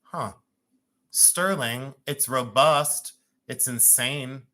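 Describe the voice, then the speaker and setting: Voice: medium pitch, extremely slow, sharp tone. A host running a live jewelry sale from home, chatting and joking with viewers and laughing often. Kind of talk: live-stream selling chat.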